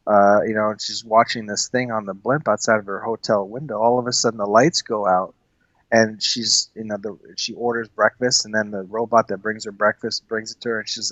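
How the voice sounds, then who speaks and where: A man's voice: on the low side, fairly bright tone, dry recording. Guy co-hosting a movie chat, earnest, lots of uhs, kinda muffled dry audio. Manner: earnest, many fillers and restarts. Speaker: podcast co-host. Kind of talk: casual film discussion.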